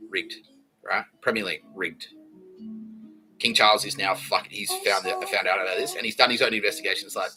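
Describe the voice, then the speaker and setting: A lowish-voiced podcast host rambles through a profane, jokey comedic monologue. The audio is poor, with faint music in the background.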